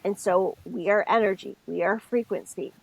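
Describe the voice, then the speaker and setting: A woman's voice: medium pitch, normal speed, creaky, slightly rough, rough recording. A middle-aged woman co-hosting a podcast, telling stories and explaining things step by step in a casual chat. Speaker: podcast co-host.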